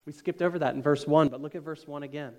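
High-voiced man preaching a sermon. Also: steady tone, quick pace. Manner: emphatic, rhetorical questions to the congregation. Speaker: pastor.

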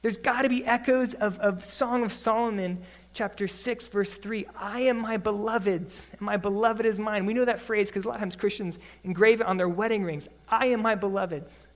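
A man preaching an expository sermon as a Bible teacher, reading scripture slowly, then explaining it conversationally with earnest, rising emphasis. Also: high voice, steady tone.

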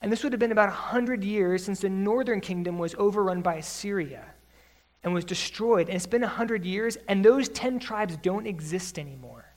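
A man preaching an expository sermon as a Bible teacher, reading scripture slowly, then explaining it conversationally with earnest, rising emphasis. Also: high voice.

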